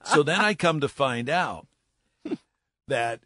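A man's voice: mid-range voice, takes it slowly, dry recording. Middle aged broadcaster guy telling a story, voice jumps all over, dry close mic. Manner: lively anecdote-teller who acts out voices. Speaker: guest, veteran broadcaster. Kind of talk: animated storytelling.

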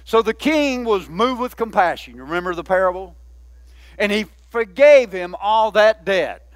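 A man's voice: high voice, animated, moderate pace, no echo. A man, a pastor, preaching a sermon in a folksy, conversational way with many asides to the church.

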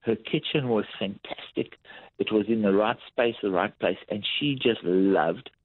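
Unhurried and on the low side, with a breathy edge, a lifestyle coach acts out quotes as he tells lively workplace stories during a podcast interview. The line sounds tinny, like a phone, and has no echo.

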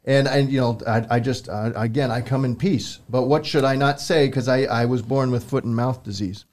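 A man hosts a podcast in a loose, joking manner, his questions wandering and full of restarts. His pitch is an ordinary middle range for a man. He pokes fun at himself as he talks. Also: steady tone, moderate pace, a little mellow. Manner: jokey, rambling, self-deprecating. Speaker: podcast host. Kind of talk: casual podcast chat.

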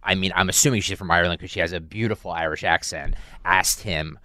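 A man's voice: low voice, quick pace, bright, forceful tone, no room sound, clean studio sound. A man co-hosting a radio talk show who speaks hesitantly and warily. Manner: hesitant, cautious. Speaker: radio producer and co-host.

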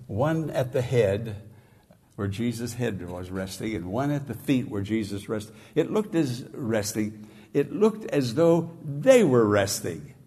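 A pastor preaches with a husky, slightly breathy voice. He speaks slowly and deliberately, suddenly lifting his pitch and volume for emphasis. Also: animated, warm tone. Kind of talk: sermon.

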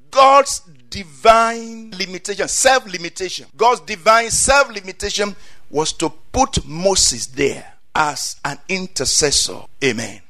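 A man preaching a passionate sermon in a noticeably high voice. He says amen again and again and circles back over his own phrases. His delivery climbs toward loud, emphatic peaks.

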